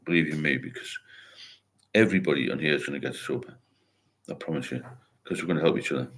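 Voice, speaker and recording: An older man casually hosts a sobriety livestream, rambling as he reads out comments and replies with encouragement. He speaks fast in a very deep voice with a fairly bright tone, and there's a slight hiss or hum.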